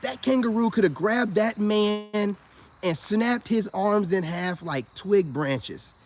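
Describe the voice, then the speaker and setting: High-voiced laughing American man. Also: slow pace. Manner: laughs often, loose slangy delivery. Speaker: spiritual self-help vlogger. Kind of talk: casual rambling commentary to viewers.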